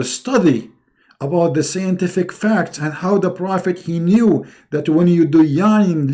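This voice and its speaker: A man hosting a livestream, talking casually with a mocking, sarcastic, animated manner. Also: high-pitched. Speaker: livestream host.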